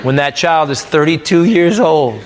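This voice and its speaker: Man doing stand-up, crude ranting delivery, higher voice, loud crowd and heavy background noise. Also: animated, unhurried, in a large hall. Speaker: stand-up comedian. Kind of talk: stand-up comedy set. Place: comedy club stage before a live audience. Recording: live club recording, loud crowd and noise.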